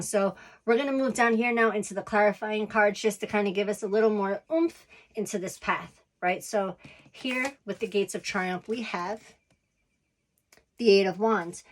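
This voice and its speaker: Chatty woman giving a tarot reading. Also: mid-range voice. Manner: chatty, reassuring, frequent "right?" and "okay?". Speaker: tarot reader.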